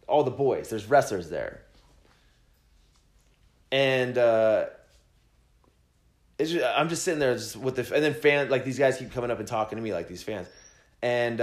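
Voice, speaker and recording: A man casually telling a rambling, profane road-trip story, quoting friends with animated voices. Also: mid-range voice, reverberant. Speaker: podcast host telling a story.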